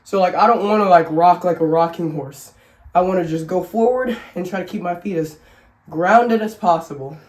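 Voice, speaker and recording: A family vlogger speaks at a moderate pace in a fairly low, darkish voice. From an echoey room at home she runs through simple workouts for a casual instructional vlog, short of breath from being sick but still chatty, joking, and self-mocking with laughter.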